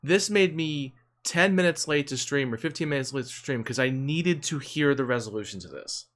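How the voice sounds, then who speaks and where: A man's voice: medium pitch, moderate pace, a bit bright. Amused man chiming in on a podcast. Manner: interjects to add context, teasing and amused. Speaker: podcast co-host. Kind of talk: casual chat.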